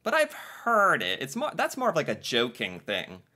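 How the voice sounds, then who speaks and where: Animated, bright-voiced man. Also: medium pitch, moderate pace. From United States. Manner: animated, laughs often, thinks aloud. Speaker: co-host. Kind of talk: casual chat about slang.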